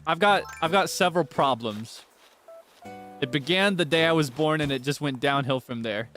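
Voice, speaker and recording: A man's voice: fairly high pitch, moderate pace, fairly bright tone, soft background music. A man chatting casually to viewers while livestreaming a game, playful and teasing, with sudden melodramatic outbursts. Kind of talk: casual gaming livestream chat.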